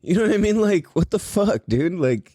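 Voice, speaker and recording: Man, 30s, podcast host. Lively, swinging delivery, slightly raised pitch, dry close sound. Casual and profane. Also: moderate pace, no room sound. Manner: animated, profane, laughs often. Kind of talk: casual storytelling.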